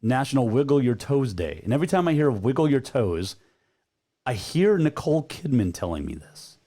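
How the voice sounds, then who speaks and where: Mellow-voiced male sports radio host. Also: medium pitch, sing-song, moderate pace. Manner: chatty, rambling, with many filler words. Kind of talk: casual sports talk radio.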